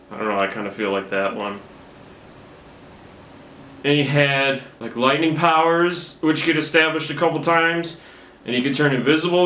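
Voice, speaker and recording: A man's voice: mid-range voice, bright, forceful tone. A young man rambles through a movie recap, swearing freely and poking fun at himself. He talks in an ordinary mid-range voice straight into a camera mic. The room around him rings with noticeable echo. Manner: rambling, profane, self-mocking. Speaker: movie reviewer. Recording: roomy camera-mic recording.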